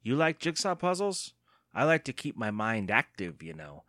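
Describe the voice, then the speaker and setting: A man voicing an elderly aunt who speaks slowly and drops low, pleased with her own jokes. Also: sing-song, a bit bright, no echo, studio quality. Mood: chatty. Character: elderly aunt, dry, gleeful at own wit.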